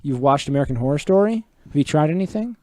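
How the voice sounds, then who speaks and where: Give me a man with a slightly high voice who keeps asking questions in a casual live-streamed chat. He stammers and restarts his words as he talks. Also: animated, quick pace, dark tone, dry recording.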